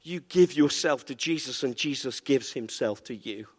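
A man preaching a sermon as pastor, animated and playful, calling out to the congregation for amens. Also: medium pitch, normal speed. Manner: animated, playful, call-and-response. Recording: echoey church hall.

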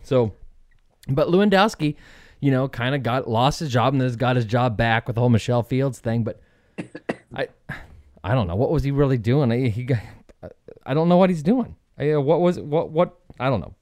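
A man's voice: medium pitch, normal speed, darkish tone, no echo, clean studio sound. A man co-hosting a podcast in casual chat, a chatty storyteller who laughs easily and rambles. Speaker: podcast co-host.

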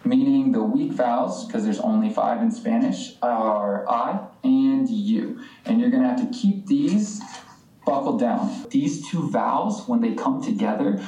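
A man's voice: mid-range voice, mellow. A man co-hosting a language podcast, teaching in a casual, jokey, slangy way. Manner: jokey, laid-back, slangy. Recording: echoey room, distant mic.

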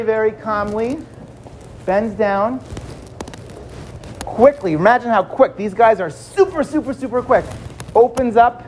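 A man telling a dramatic story to children, swinging between loud and hushed. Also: high-pitched, slight background noise.

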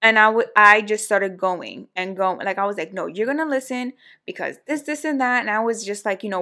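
A woman's voice: medium pitch, fast, few pauses. Young woman co-host, casual talker, acts out quotes. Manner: animated, acts out quoted voices. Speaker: podcast co-host. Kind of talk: casual storytelling chat.

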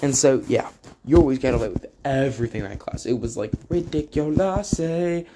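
A teenage boy talks in a loose, casual ramble, cracking jokes as he goes. He fills gaps with ums and wanders into side comments, and his voice sits at an ordinary middle pitch. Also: fast, noisy background. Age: teens. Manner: rambling, joking, lots of fillers and asides. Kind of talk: casual spoken tribute to a friend.

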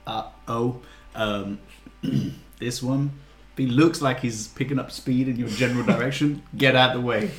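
A man's voice: medium pitch, fairly even intonation, unhurried, echoey room. A man playing a tabletop game, chatting casually and teasing the others. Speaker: player. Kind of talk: casual in-character chat.

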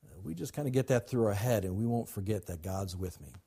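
Male pastor, husky voice, emphatic preaching with call and response. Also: lowish voice, animated, quick pace, warm tone. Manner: emphatic, repetitive, calls to the congregation. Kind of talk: sermon.

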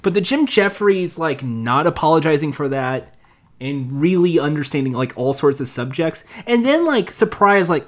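A young man chatting on a podcast, opinionated and rambling, often cracking jokes. His voice is fairly high for a man and swings up and down a lot. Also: expressive, moderate pace. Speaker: podcast co-host. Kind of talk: casual chat.

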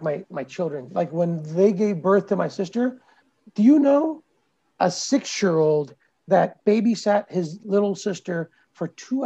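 A man's voice: high voice, creaky, slightly rough, muffled recording. A man, a podcast guest, earnestly retelling childhood memories in casual conversation. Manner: earnest, animated retelling with acted quotes. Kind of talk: personal storytelling in conversation.

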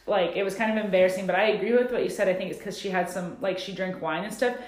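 A woman's voice: medium pitch, fast. A woman co-hosting a podcast, chatting and laughing as she recaps a TV show, with lots of "like" fillers, recorded without a proper mic. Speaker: podcast co-host. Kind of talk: casual chat recapping a TV show. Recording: echoey room, no proper mic.

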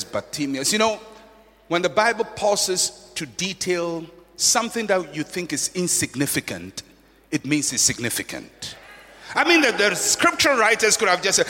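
A man preaching a sermon dramatically, swinging from soft passages to shouts. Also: high voice, very animated, normal speed. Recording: long hall reverb.

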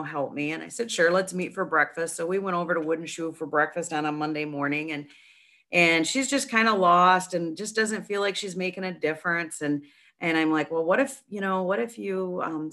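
A middle-aged woman, a guest in a casual interview, spinning a long anecdote. Her voice sits a little low but sounds bright and forward. She talks in an animated way, doubling back on her words as the story builds. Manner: chatty, animated storyteller with many restarts. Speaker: nonprofit founder, guest.

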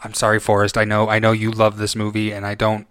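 A man's voice: fairly low pitch, completely flat delivery, fast talker, a bit bright, smooth, dry recording, studio quality. A man co-hosting a podcast, giving a casual film review in a rambling way, full of restarts and self-corrections. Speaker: podcast co-host.

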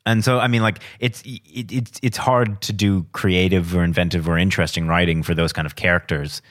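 Deep-voiced guy rambling through a movie review, lots of likes and ums. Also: fairly quick. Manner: animated storyteller, hedging with fillers. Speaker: podcast co-host. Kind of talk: casual chat, movie review discussion. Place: former cinema worker.

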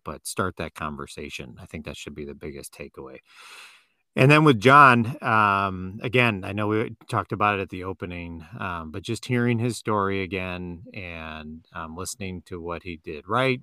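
A man's voice: low-pitched, sharp tone, no room sound, clean studio sound. A man co-hosting a podcast, chatting casually, joking and laughing often, with many fillers. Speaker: podcast co-host. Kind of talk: casual chat.

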